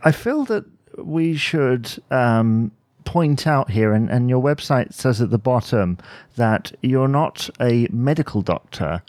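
A man hosting an interview, asking questions in a halting way with pauses and restarts. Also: medium pitch, expressive, a little mellow, no echo. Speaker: podcast host, interviewer.

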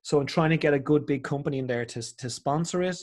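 An Irish man with a fairly high voice tells stories in an animated, chatty way. He acts out the people he quotes, jumping between voices as he goes. The tone is casual and conversational, like a guest in an interview. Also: quick pace. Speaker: podcast guest, comedian. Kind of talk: casual chat.

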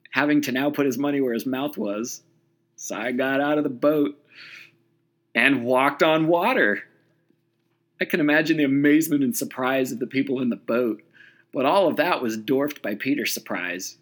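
A man preaching a sermon as a lively story, acting out the scenes as he goes. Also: mid-range voice, normal speed.

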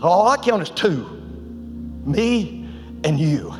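Man acting out a frantic young male servant, squeaking high with alarm, pleading, long church-hall echo, faint music behind. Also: lively intonation, slow. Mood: incredulous.

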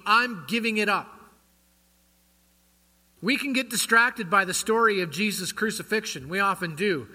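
Male pastor, slow deliberate sermon, quizzes his flock, big church reverb. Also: sits high, sharp tone, breathy edge. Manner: quizzes the congregation with rhetorical questions. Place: church sanctuary. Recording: long church hall reverb.

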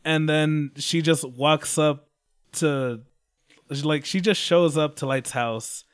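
A man's voice: fairly high pitch, takes it slowly, smooth. A man casually recapping a story, rambling, swearing and laughing along. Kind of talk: casual chat.

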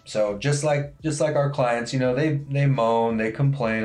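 A man's voice: mid-range voice, steady tone, unhurried, a little mellow, faint music behind. A man strength coach chatting casually, full of fillers like "you know". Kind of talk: casual podcast chat.

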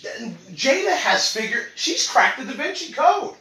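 Lively, slangy comic host, bright voice, sits back in a roomy room. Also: male voice, very high-pitched, a little slow. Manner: animated, joking, slangy, laughs often. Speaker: podcast host. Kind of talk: comic monologue. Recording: roomy, away from mic.

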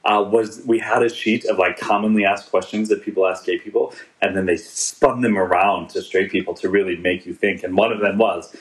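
A man's voice: low-pitched, steady tone, moderate pace, few pauses, low-quality recording. A man in his forties co-hosting a podcast, chatting casually and joking as he rambles through a TV episode with lots of restarts. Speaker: podcast co-host. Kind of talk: casual chat reviewing a TV episode.

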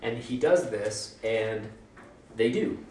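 A man's voice: mid-range voice, animated, slow, a little mellow, slight background noise. A man giving a casual, conversational sermon, informal and joking, with mock voices for quotes. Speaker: preacher. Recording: roomy echo, mic at a distance.

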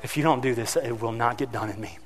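Fast-talking and medium-pitched, this pastor preaches in a big-room space. His sermon is animated storytelling in which he performs the characters' voices and reenacts his own shouting.

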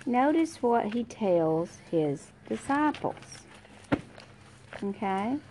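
A woman's voice: on the high side, sing-song, extremely slow, warm tone, a little hiss or hum. A middle-aged woman teaching an informal Bible study, talking conversationally, searching aloud for verses and reading scripture aloud.

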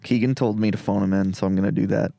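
A young man co-hosting a casual comedy podcast, teasing his friend in a deadpan way. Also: lowish voice, fast, vocal fry, dry recording. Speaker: podcast co-host.

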